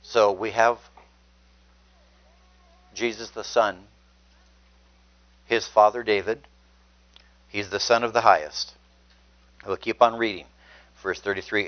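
A man's voice: lowish voice, steady tone, slow, pauses often. A man preaching a sermon, reading scripture aloud and stressing words earnestly. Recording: dull lo-fi sound.

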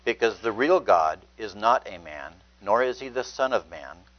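A man's voice: on the low side, expressive, normal speed. A man preaching a sermon, reading scripture aloud and stressing words earnestly. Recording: dull lo-fi sound.

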